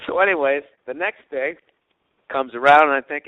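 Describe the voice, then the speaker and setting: A podcast host tells profane stories in a casual, rambling monologue, acting out other people's voices and quotes. His voice sits on the high side with huge pitch swings, and he speaks slowly with frequent pauses. The recording is dry, tinny and phone-like.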